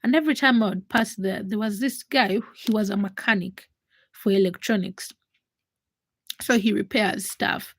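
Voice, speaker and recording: A woman in her twenties, hosting a livestream and telling a personal story in a casual, animated way, acting out the voices of the people in it. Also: mid-range voice, moderate pace, no room sound. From Uganda. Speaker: livestream host.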